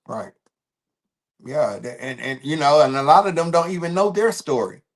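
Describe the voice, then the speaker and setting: A man hosting a casual livestream, talking loosely and repeating himself, pressing hard on points and then trailing off quietly. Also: a little high, moderate pace. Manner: loose and repetitive, restarting phrases, emphatic then trailing off quietly. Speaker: livestream host.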